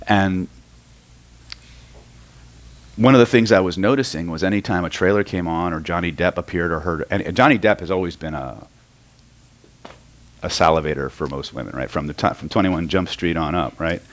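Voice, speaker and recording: A man's voice: sits low, normal speed, long pauses. A middle-aged man from Oklahoma teaching a live seminar on hypnosis, telling stories and often checking in with the audience. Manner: storytelling, keeps checking in with the room. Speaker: hypnosis and NLP trainer.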